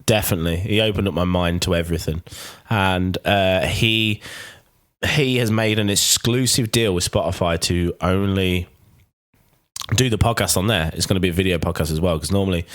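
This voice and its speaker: A man's voice: sits low, moderate pace, a bit bright. A man hosting a podcast, chatting casually and rambling with many restarts. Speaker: podcast host. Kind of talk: casual chat.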